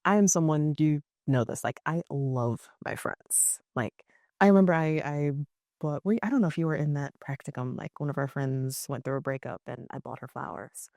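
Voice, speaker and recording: A woman therapist, a podcast guest, chatting casually and telling animated stories, full of "like" fillers. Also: low voice, normal speed, no room sound, clean studio sound. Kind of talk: casual conversational interview.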